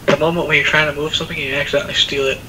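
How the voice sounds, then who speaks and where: A man's voice: fairly high pitch, little pitch movement, very fast, sharp tone, a little hiss or hum, low-quality recording. A man joking around and commenting casually while playing a game on a live stream, laughing often. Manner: playful, jokey, laughs a lot.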